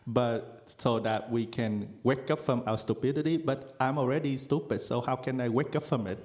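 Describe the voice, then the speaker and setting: A man's voice: mid-range voice, normal speed, darkish tone. A man interpreting a student's question, with hesitant, self-correcting phrasing.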